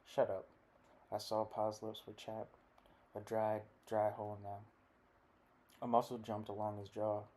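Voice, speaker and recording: Male narrator for literary fiction audiobook, deep, monotone, dark timbre. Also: measured pace, pauses often.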